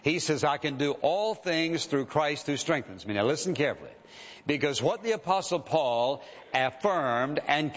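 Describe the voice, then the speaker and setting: A man preaching a sermon, measured, slowing down to read scripture aloud. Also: fairly high pitch, a bit bright. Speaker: pastor. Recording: dull audio with long hall reverb.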